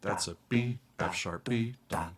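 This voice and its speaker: A classical composer hosting a casual reaction show, explaining music theory, counting beats aloud and pausing often with fillers. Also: male voice, deep voice, crowd noise.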